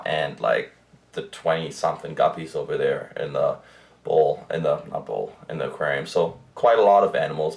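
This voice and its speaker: A man's voice: low voice, creaky. A young man from Germany talking casually to camera in a rambling pet update, with frequent fillers and restarts. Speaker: pet vlogger. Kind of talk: casual monthly update vlog.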